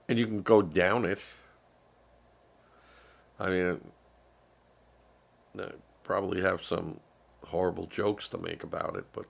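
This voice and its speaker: Older man, deep gravelly voice, slow rambling sarcastic stream commentary, sounds unwell. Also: fairly even intonation. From United States. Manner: rambling, sarcastic, many fillers. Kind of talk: casual political commentary.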